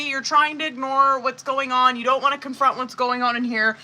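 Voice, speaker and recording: A woman's voice: high voice, moderate pace, hardly any pauses, sharp tone, low-quality recording. A woman running a live-streamed tarot reading in a casual, rambling way, with heavy swearing, many fillers and exasperated asides. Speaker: tarot reader.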